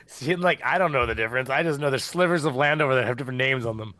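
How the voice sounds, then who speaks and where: A man's voice: medium pitch, very fast, bright, forceful tone. A man, trading wry jokes as a guest on a casual stream. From Canada.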